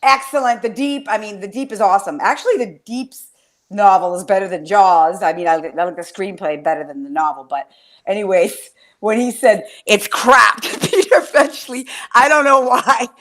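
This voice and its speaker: A woman's voice: medium pitch, expressive, moderate pace. A woman hosting a casual fan chat, rambling and swearing with enthusiasm, often trailing off mid-sentence. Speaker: podcast host.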